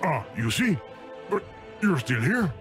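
An actor voicing a fussy, flustered video game that talks, in an exasperated manner. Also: male voice, fairly high pitch, sing-song, a little slow. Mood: fretful. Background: game music.

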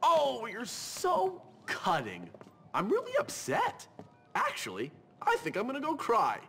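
A man's voice: extremely high pitch, huge pitch swings, a little slow, gravelly, a bit bright, soft background music, heavily acted. A man voicing a scheming, sarcastic teenage boy bully in a video game cutscene, mocking in a sing-song way.

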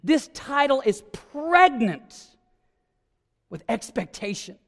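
High-voiced preacher in a reverberant church. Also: male voice, big pitch swings, takes it slowly, vocal fry, fairly bright tone. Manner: vivid storytelling, acting out scenes; emphatic, rising to ringing declarations. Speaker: pastor. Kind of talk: sermon. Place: church sanctuary. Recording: long reverb of a church sanctuary.

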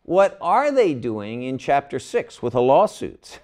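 A man's voice: mid-range voice, sing-song, measured pace, a little mellow. An older man teaching a Bible class, asking his listeners questions and leaning hard on key words.

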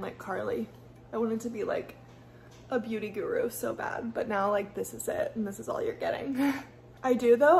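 A woman's voice: medium pitch, gravelly, slight background noise. A young woman from the US Midwest with a Valley girl accent, chatting casually and rambling while doing her makeup at home. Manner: chatty, rambling, heavy use of "like". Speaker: beauty vlogger. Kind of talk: casual get-ready-with-me chat.

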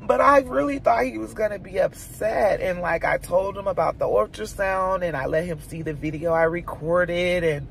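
A woman mom vlogger chatting casually to her viewers, telling a personal story in an animated, chatty way. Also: lowish voice, moderate pace, gravelly, hardly any pauses, a little hiss or hum.

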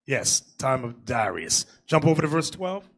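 A man preaching a sermon as bishop, telling stories with jokes and loud shouted asides. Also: medium pitch, normal speed. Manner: animated, joking storytelling with shouted asides.

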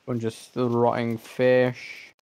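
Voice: mid-range voice, monotone, slow pace, a little mellow, clear, resonant tone. A gamer giving frustrated gameplay commentary, swearing often and talking at the game. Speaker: gamer streaming a playthrough.

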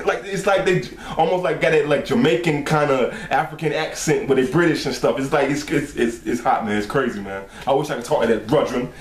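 A man hosting a casual reaction video, talking in an excitable, slangy way and laughing often. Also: medium pitch, a little fast, echoey room.

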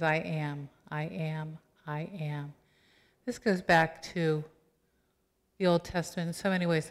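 Animated woman pastor preaching in a reverberant hall. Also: on the low side. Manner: animated, acts out quotes with playful asides. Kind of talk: conversational sermon. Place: church sanctuary. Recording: long church hall reverb.

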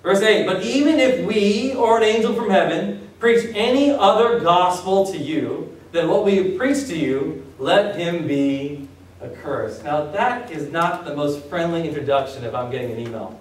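A high-voiced male pastor preaches to his congregation in a casual, conversational way, acting out little asides and checking in with questions. The sound echoes through a large hall, picked up from some distance off the mic. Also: animated, normal speed, hardly any pauses. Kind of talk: sermon. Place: church hall.

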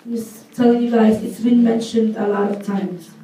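Husky-voiced teen girl exhorting in church. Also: on the high side, level tone, normal speed, a little hiss or hum. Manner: casual, earnest, reads scripture aloud. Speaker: church member exhorting for offerings. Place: church hall. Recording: echoey hall, mic far off, soft guitar behind.

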